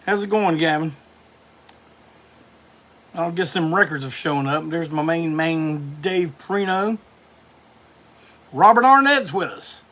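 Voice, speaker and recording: A man's voice: fairly high pitch, sharp tone. A middle-aged man hosts a casual live stream, greeting viewers by name and rambling loosely.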